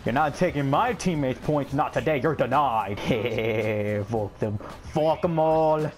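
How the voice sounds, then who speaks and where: A young man giving excitable commentary over his own gameplay, yelping, groaning and swearing at the game. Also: mid-range voice, slow, soft background music. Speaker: gaming channel host.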